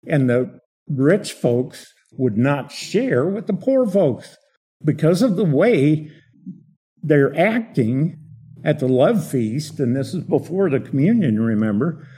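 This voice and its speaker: Slow, animated, husky-voiced male preacher. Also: on the high side. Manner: animated, rhetorical questions. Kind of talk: expository sermon.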